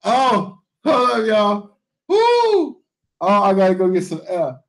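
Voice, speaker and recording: A man, a priest, giving a reaction commentary on a video, laughing uncontrollably and shouting out exclamations in slangy, repetitive bursts. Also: high-pitched, wildly swooping pitch, slow pace.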